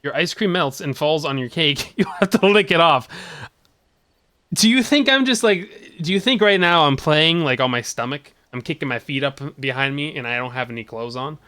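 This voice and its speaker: Playful streamer guy, bright and dry close-mic, giggly banter with chat. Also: fairly high pitch, expressive, a little fast, few pauses, no room sound. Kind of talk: casual game-stream chat.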